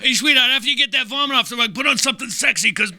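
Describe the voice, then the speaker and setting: A man's voice: very high-pitched, very fast, pushed and bright, voice pushed up, full character voice. A man voicing a crude, boastful middle-aged guy who calls out to his wife from the toilet. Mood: leering.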